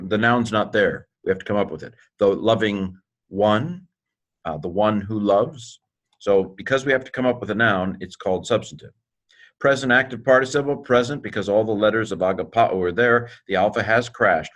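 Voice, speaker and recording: A man teaching a recorded lesson in an informal, joking way, clearing his throat often. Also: lowish voice. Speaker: Greek teacher.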